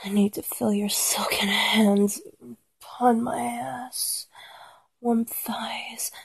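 Very breathy slow whispering woman. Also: fairly high pitch, little pitch movement, dry recording. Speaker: erotic audio performer. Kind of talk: whispered role-play.

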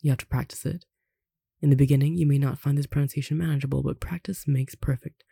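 A language tutor reading a pronunciation lesson aloud in an unhurried way, slowly spelling out examples and adding light asides. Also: medium pitch, steady tone, vocal fry, warm tone, husky, no echo, studio quality. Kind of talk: reading an instructional text aloud.

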